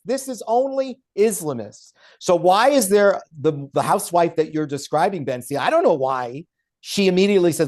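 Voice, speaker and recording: Guy on a podcast making his case, forceful, keeps pushing his point. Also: sits high, lively intonation, moderate pace. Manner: emphatic and argumentative, with mocking quoted voices. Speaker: guest author and law professor. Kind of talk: podcast interview.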